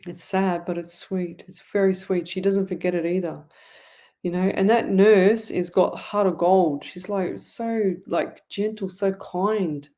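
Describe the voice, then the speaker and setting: A middle-aged Australian psychic medium hosts a live online show, giving readings and answering viewer comments in a chatty, rambling way with many restarts. Her voice is fairly low, warm and steady, and she takes her time.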